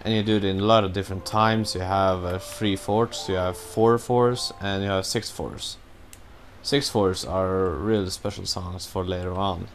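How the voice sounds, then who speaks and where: A man's voice: deep voice, level tone, moderate pace, slight background noise. A man giving casual, rambling commentary while he plays a video game, cursing now and then at his own mistakes. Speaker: let's play gamer.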